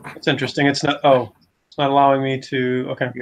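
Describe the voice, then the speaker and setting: Quick-talking man on a video call. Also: medium pitch, flat delivery, slight background noise. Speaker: player. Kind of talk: casual chat at a game table.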